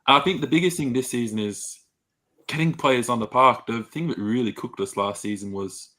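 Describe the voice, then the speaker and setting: A man on a footy podcast panel, talking in a measured way with plenty of hedging fillers. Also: medium pitch, pushed and bright. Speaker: guest fan panelist. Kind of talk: casual footy chat.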